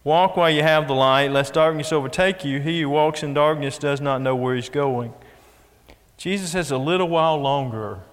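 A man's voice: fairly high pitch, moderate pace. A man preaching a sermon in an earnest way, repeating key phrases as he builds emphasis. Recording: long echo of a large hall.

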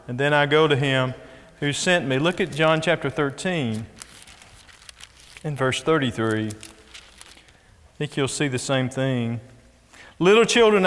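A man's voice: a little high, a bit bright. A man preaching a sermon in an earnest way, repeating key phrases as he builds emphasis. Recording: long echo of a large hall.

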